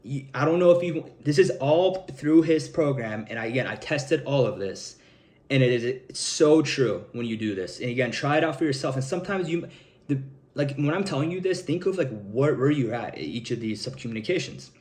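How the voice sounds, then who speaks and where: A young man giving self-improvement tips in a relaxed, unscripted monologue. His speech wanders, packed with fillers and the odd swear word, at an ordinary middle pitch. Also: brisk. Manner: loose and rambling, heavy on fillers, casual swearing. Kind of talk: casual advice monologue.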